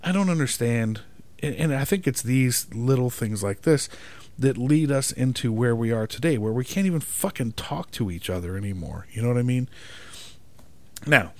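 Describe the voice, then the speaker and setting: Exasperated and emphatic, a man rants to camera in a monologue thick with profanity, constantly seeking agreement with "right?". His pitch is in the middle range but rises and falls a great deal.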